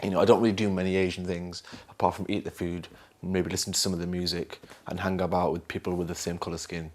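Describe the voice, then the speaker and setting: Lively Northern English actor, low voice. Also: male voice, fast. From north of England. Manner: animated, self-mocking, acts out other voices. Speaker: actor being interviewed. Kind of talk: candid interview talk.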